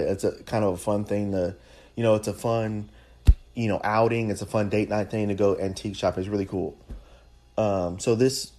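A man's voice: on the low side, mellow. A man preaching a sermon in a conversational way, repeating phrases for emphasis.

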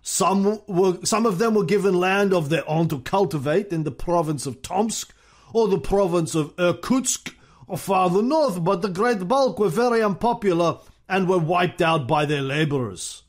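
Brief: blunt old Soviet dictator, halting cadence, raised pitch, as a podcaster puts him on. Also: male voice. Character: gruff Soviet dictator, older man, blunt and pragmatic.

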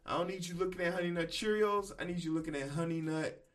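A man hosting a podcast, giving blunt, profane opinion commentary in casual speech, with loud emphatic bursts. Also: sits high, fast talker. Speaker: podcast host.

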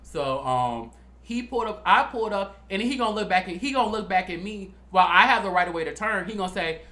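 A young man co-hosting a podcast, chatting casually and telling profane, animated stories. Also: high-pitched, fast, reverberant. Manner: animated storytelling, profane and playful. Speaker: podcast co-host.

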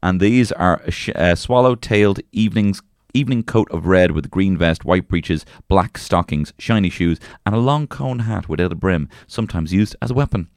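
A man's voice: low-pitched, moderate pace, hardly any pauses, no room sound, clean studio sound. An Irish man co-hosting a podcast, chatting casually, swearing and joking while reading passages aloud. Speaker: podcast co-host. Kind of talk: casual chat.

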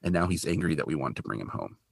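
Man putting on a tired worried daughter, middle-aged, low gravelly voice, dry sound. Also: sing-song, fast, dry recording, full character voice. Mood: weary.

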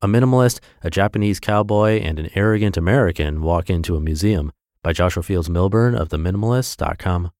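Man, very low voice, podcast host reading essays, steady expressive narration, dry studio sound. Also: a little fast, no room sound. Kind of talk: scripted narration.

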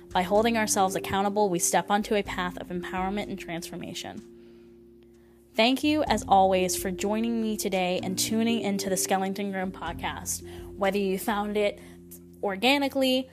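Gentle woman podcaster over music. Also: medium pitch. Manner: gentle, reflective and encouraging. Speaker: podcast host. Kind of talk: solo spiritual podcast talk. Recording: voice over clear background music. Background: instrumental music.

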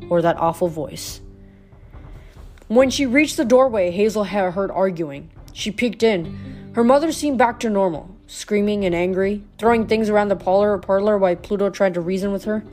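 A woman's voice: mid-range voice, darkish tone. A woman reading a novel aloud, telling the story steadily with small slips and corrections. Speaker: audiobook reader.

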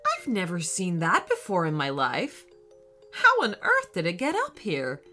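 A woman voicing a gentle, mild-mannered mother in a storybook reading. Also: lowish voice, wildly swooping pitch, unhurried, soft background music, pitched below the performer's own voice, exaggerated voice. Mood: calm. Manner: mild, polite exclamations.

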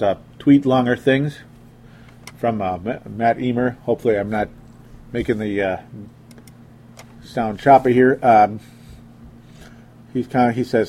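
A man's voice: medium pitch, warm tone. A young man hosting a casual sports talk show, reading listener comments aloud and joking around. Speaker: sports podcast host.

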